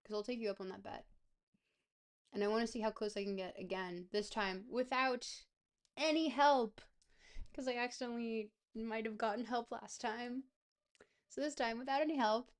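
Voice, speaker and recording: A woman giving casual, playful gameplay commentary as a streamer, thinking out loud as she goes. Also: fairly high pitch. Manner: playful, thinks aloud, chatty.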